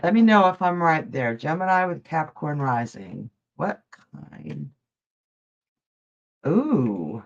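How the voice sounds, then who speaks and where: A woman's voice: low-pitched, sing-song, slow, vocal fry. Woman, middle-aged, psychic reader, live-stream chat, jokey, laughs a lot, dull lo-fi audio. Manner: chatty, jokey, laughs often.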